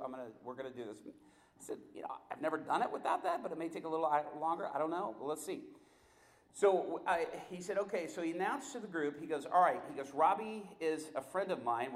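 A man's voice: fairly high pitch, roomy sound. A male preacher telling a story in a sermon, animatedly acting out the voices of the people in it.

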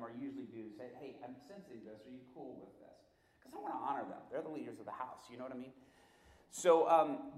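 A man's voice: mid-range voice, echoey room. A male preacher telling a story in a sermon, animatedly acting out the voices of the people in it.

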